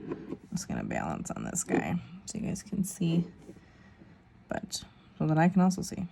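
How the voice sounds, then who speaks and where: A woman in her thirties talks through her nail tutorial in a relaxed, rambling way, tossing in self-deprecating asides. Her voice sits a little low, with a warm, mellow tone and a gravelly edge. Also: normal speed. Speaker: nail vlogger. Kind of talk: casual tutorial chat.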